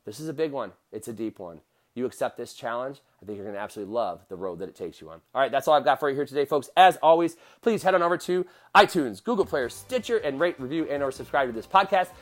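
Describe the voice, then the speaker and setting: A man's voice: medium pitch, animated, fast, soft background music. A middle-aged man hosting a motivational podcast, talking straight to his listeners in an earnest, direct way. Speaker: podcast host.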